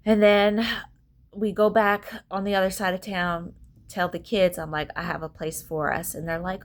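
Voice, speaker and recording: A woman's voice: fairly low pitch, steady tone, moderate pace, gravelly. A woman telling a personal story to camera in a candid, rambling way, swearing freely and sounding tired. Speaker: vlogger.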